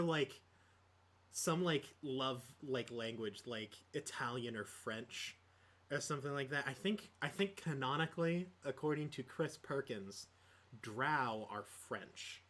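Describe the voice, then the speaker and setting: A man's voice: medium pitch, a bit bright. A man co-hosting a podcast in casual chat, rambling with lots of fillers and laughs. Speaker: podcast co-host.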